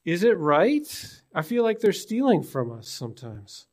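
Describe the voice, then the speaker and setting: A man's voice: sits high, very animated, unhurried, a little mellow. A man from British Columbia preaching a sermon in a conversational way, asking his congregation rhetorical questions. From British Columbia, Canada. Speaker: pastor. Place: church in Newfoundland.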